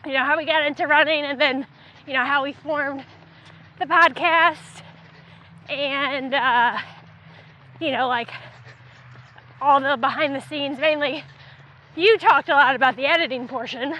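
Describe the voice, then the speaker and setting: A woman with a very high voice co-hosts a relaxed podcast chat. Her tone is bright and forceful, and she laughs often. Her talk is loose and full of fillers. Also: unhurried, long pauses, highs cut off, a little hiss or hum. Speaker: podcast co-host. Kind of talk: casual chat.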